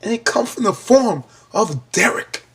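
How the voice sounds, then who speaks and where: A man with a husky voice, recapping a TV episode in an animated casual style, acting out the characters' lines. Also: high voice, a little slow. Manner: animated storytelling with churchy exclamations and acted-out lines. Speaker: TV episode reviewer.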